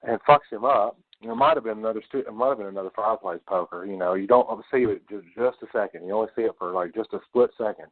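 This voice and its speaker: A low-voiced man hosts a casual film podcast, swearing freely as he retells scenes. The sound is thin and tinny, like a phone line. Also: fast talker, hardly any pauses. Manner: swears a lot, animated retelling. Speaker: podcast host. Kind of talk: casual movie discussion.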